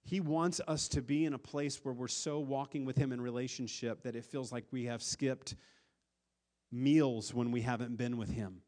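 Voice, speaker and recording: A pastor preaching a sermon, earnest, with a voice that swells louder and then drops to a hush, often repeating words as he restarts. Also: mid-range voice, fairly even intonation, normal speed. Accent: Upper Midwest American.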